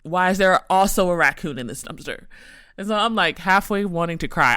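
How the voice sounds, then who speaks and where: A woman's voice: lowish voice, a little fast, a bit bright, smooth, dry recording, studio quality. A young woman hosting a podcast, telling a story in a casual, rambling way full of "like" fillers. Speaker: podcast host.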